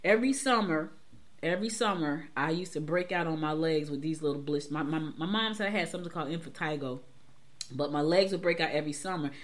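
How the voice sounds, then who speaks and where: A woman's voice: low voice, quick pace. A middle-aged woman from Georgia, hosting a morning show in a chatty, emphatic way and repeating herself as she talks straight to listeners. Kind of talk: casual talk-show commentary.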